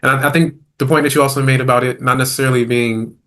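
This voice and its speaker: Halting man hosting a discussion. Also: mid-range voice, steady tone, a bit bright. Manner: halting, many restarts and "like" fillers. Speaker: host. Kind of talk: casual discussion.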